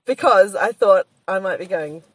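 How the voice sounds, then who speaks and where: A woman's voice: medium pitch, normal speed, slightly rough. An Australian woman co-hosting a casual podcast, rambling chattily, often laughing and breaking off mid-sentence to restart. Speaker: podcast co-host, comedian. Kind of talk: casual chat.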